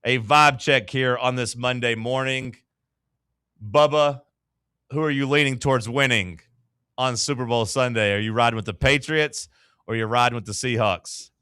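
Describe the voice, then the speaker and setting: A man's voice: mid-range voice, moderate pace, pushed and bright, smooth, no room sound, clean studio sound. A man hosting a casual sports talk show, loose and chatty with lots of filler words.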